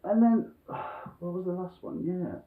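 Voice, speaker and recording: Speaking at a measured pace with a high pitch and lively intonation, a male vlogger rants casually at home about something that frustrated him. He's blunt and sweary, chuckles as he goes, and the sound is lo-fi, like a phone recording.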